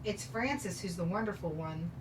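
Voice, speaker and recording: A woman reading the part of a gentle, heartbroken divorced father, earnest and apologetic, in a scene reading. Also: lowish voice, normal speed, close to an everyday voice. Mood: fond. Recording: distant mic, noisy background.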